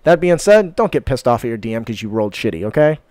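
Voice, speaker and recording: A man's voice: mid-range voice, very animated, fast, a little mellow. A man co-hosting a casual podcast from the United States, laughing often and swearing casually. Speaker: podcast co-host.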